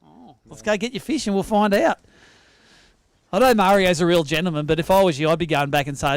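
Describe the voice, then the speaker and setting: On an outdoor stage at a sailing club, a high-voiced Australian man hosts the tournament weigh-in with rapid, lively, teasing banter. The recording carries no room sound.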